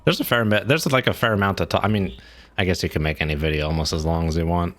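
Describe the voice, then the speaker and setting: A man's voice: low-pitched, fast talker, fairly bright tone, no echo. A man streaming a game, giving casual, rambling commentary as he plays and thinks aloud.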